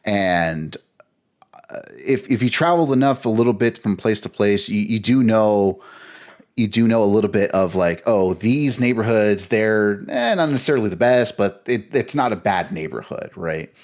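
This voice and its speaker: A man's voice: fairly low pitch, normal speed, a little mellow. A man, a podcast guest, telling a casual rambling story with frequent restarts. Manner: rambling, with many restarts and laughter.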